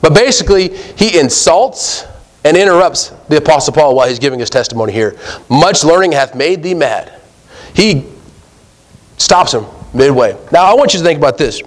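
A man delivers a sermon in a slightly high voice. He reads scripture aloud and talks to his listeners as guys. He drives each point home with rising, emphatic questions. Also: lively intonation, fairly quick. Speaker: preacher.

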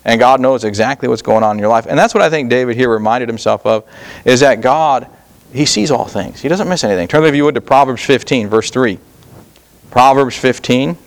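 A middle-aged man preaching a sermon in an earnest, halting way, repeating words and pausing often. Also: mid-range voice, gravelly. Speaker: pastor.

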